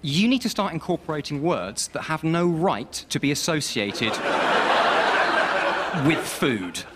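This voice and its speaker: A man's voice: fairly high pitch, very animated, unhurried, heavy background noise. A man acting in comedy sketches, playful and mock-serious.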